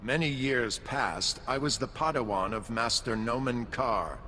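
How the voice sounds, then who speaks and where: A man voicing a calm, dignified Jedi Master in a video game, speaking in a measured, formal way. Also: medium pitch, in a large hall, a little hiss or hum.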